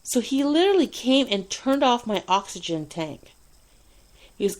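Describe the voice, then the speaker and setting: Profane, animated woman telling a story. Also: fairly high pitch, moderate pace. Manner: animated, profane, frequent laughs and fillers. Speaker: radio show host telling a personal story. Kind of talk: casual storytelling monologue.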